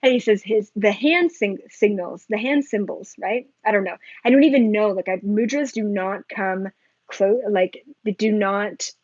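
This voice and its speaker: A woman talking casually to her viewers as a spiritual vlogger, rambling and excitable, full of filler likes and asides. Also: mid-range voice, measured pace, no room sound, lo-fi sound.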